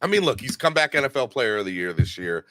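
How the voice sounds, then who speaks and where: A man's voice: medium pitch, very animated, fast talker, pushed and bright, dry recording. A man hosting a casual sports podcast, rambling with restarts while recovering from an illness. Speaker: podcast host.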